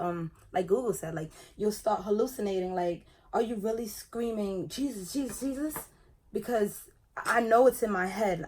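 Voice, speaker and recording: Chatty young woman vlogging casually. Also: mid-range voice. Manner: chatty and animated, retelling her own experience. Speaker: beauty vlogger. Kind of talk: casual get-ready-with-me chat.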